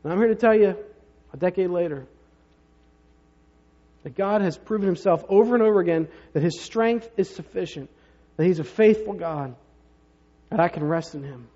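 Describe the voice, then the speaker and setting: In a warm, high-sitting voice, a man preaches at a moderate pace, pausing often as he tells stories and addresses the congregation with rhetorical asides. He's a pastor, heard through a dull, lo-fi recording in a reverberant hall.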